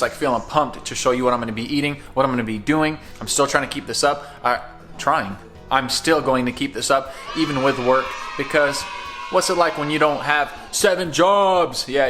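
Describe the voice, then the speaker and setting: A man's voice: medium pitch, sharp tone. A man talking casually and energetically to the camera about his food, repeating words for emphasis. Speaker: food vlogger. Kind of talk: casual vlog chat. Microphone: phone camera.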